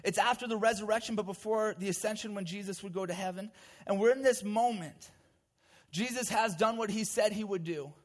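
High-voiced man preaching a story sermon. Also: fairly quick. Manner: vivid storytelling with conversational asides. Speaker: pastor.

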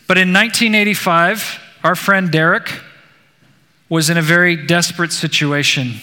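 A man preaching a sermon, telling a story in a slow, earnest and emphatic way. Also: on the high side, sharp tone. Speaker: pastor. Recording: long hall reverb.

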